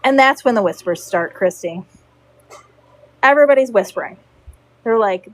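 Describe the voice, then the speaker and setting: A woman's voice: a little high, lively intonation, normal speed, no echo, poor audio. A middle-aged woman telling a story in a casual chat, a horse show groom who acts out the people she quotes. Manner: chatty, acts out quoted voices.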